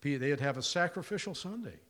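An older man preaching a sermon as pastor, telling stories and acting out the dialogue in them. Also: moderate pace. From Indiana, USA. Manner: storytelling, acts out dialogue, lively pitch.

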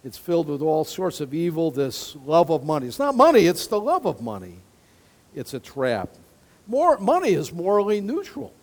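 A male pastor preaching in a relaxed, conversational way, breaking off into stories and quick laughs with his congregation. His voice sits a little high for a man and swings widely in pitch, rising and dropping as he makes his points. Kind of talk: sermon.

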